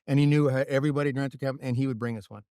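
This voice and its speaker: A man's voice: medium pitch, rapid-fire, clear, resonant tone, no echo, clean studio sound. A man, a racing crew chief, telling stories as a guest in a casual interview, often restarting and checking in with "right?". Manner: animated storyteller with frequent restarts and "right?".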